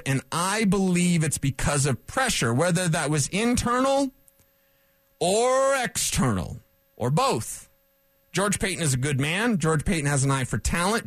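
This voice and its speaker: A man talking sports on radio, opinionated and sarcastic, rambling through quick asides. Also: on the high side, fairly bright tone, no echo. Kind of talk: opinionated sports talk monologue.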